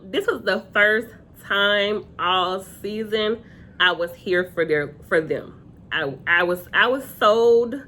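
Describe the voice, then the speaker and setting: A woman's voice: on the low side, fairly bright tone, slight background noise. Chatty young woman recapping a show. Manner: chatty, filler-heavy, quotes cast members. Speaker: reality TV reviewer. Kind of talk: casual recap vlog.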